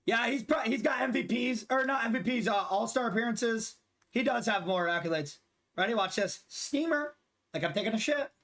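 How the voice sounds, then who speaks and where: A man's voice: very high-pitched, a little fast, a bit bright. A man in his twenties chatting casually and profanely while streaming a basketball video game with teammates. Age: 20s. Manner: loose, profane, rambling banter. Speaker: gaming streamer. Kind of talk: casual live-stream chat during gameplay.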